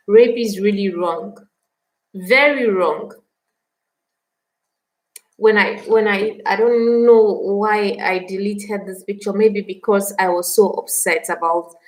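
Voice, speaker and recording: A woman's voice: medium pitch, low-quality recording. A Nigerian woman hosting a live stream, talking with passion and indignation, answering viewers' comments and repeating phrases for emphasis.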